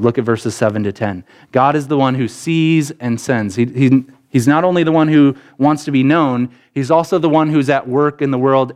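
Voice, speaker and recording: A man's voice: medium pitch, darkish tone, clear, resonant tone. A pastor preaching a sermon to his congregation, earnest and conversational, building points through repeated phrases and acting out imagined speakers. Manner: voices imagined speakers in quotes.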